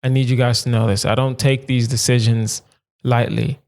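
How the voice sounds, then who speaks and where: A young man hosts his own comedy podcast alone and talks straight into the mic. His voice is smooth and clear, at an ordinary pitch for a man, and he riffs with emphatic repetition. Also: moderate pace. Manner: animated, emphatic riffing with repetition. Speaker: podcast host. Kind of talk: solo comedic podcast monologue.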